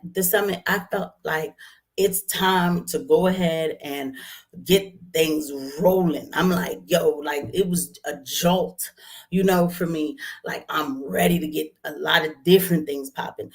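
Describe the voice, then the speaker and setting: A woman's voice: on the low side, unhurried. A woman, a nurse, telling a story casually outdoors and acting out both sides of an argument in quoted voices. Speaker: registered nurse and vlogger. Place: outdoors in the heat.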